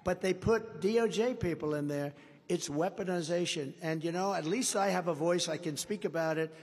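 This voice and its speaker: A man giving a campaign rally speech in a large indoor venue. He rambles and repeats himself for emphasis, swinging from shouted lines to low asides. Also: normal speed. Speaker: political candidate. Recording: reverberant hall, faint background noise.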